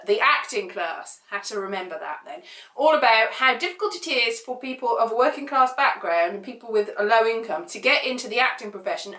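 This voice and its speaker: A woman's voice: fairly high pitch, fairly bright tone, reverberant. A woman chatting casually to camera, rambling through opinionated points with sarcastic asides. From United Kingdom. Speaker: vlogger.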